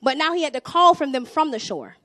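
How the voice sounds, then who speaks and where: Young woman preacher, Southern US accent, high voice, dry close sound, animated sermon delivery. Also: brisk, no echo. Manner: animated, swings from hushed asides to loud exhortation.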